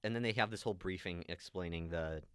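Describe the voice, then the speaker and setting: A man's voice: low voice, fast talker, clean tone, no echo. A man chatting casually as a podcast co-host, retelling movie scenes and quoting the characters. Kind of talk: casual chat recapping a movie.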